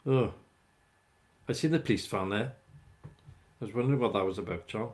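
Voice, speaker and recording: Bloke on a morning livestream, deep-ish voice, just rambling and greeting folks. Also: male voice, moderate pace, darkish tone. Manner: rambling, chatty, talks to viewers by name. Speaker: livestream host chatting with viewers. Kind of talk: casual live chat.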